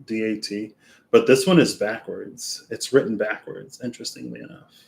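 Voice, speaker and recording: A man reading oracle cards aloud in a casual way, with unhurried, musing asides to himself between passages. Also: fairly low pitch, vocal fry, darkish tone. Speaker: oracle card reader.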